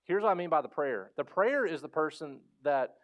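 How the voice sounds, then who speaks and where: A man preaching a sermon as pastor, animated and conversational, acting out voices and asking the congregation questions. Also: a little high, normal speed, highs cut off. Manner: animated storytelling, acts out quoted voices; conversational, asks the crowd questions.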